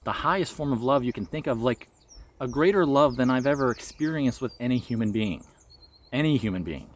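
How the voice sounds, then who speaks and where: A man's voice: mid-range voice, a little fast, slight background noise. A man vlogging about his spiritual experiences, telling a personal story in an earnest, reflective way with light laughs.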